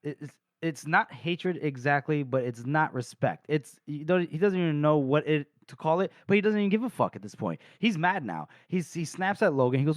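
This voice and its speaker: A man hosting a casual book-discussion podcast who rambles through a chapter recap, swears freely, laughs often and rushes through fast asides. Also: fairly high pitch, animated, no echo, clean studio sound. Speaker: podcast host.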